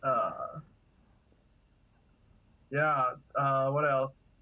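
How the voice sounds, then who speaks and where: A man's voice: mid-range voice, fairly even intonation, extremely slow, pushed and bright, dull audio. A man telling casual stories as a guest, chatty and laughing through his anecdotes. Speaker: guest, kidney donor. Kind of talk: casual storytelling.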